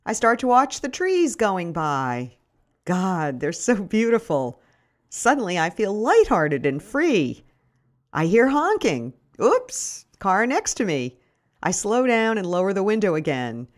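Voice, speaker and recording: A woman's voice: medium pitch, slow. Wry middle-aged woman narrating. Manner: wry, deadpan storytelling. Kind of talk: first-person memoir reading.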